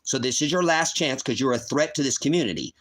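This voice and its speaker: A man's voice: medium pitch, animated, fast, fairly bright tone. Heated, swearing man on a livestream. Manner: heated, profane, accusatory. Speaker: livestream host. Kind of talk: angry livestream rant.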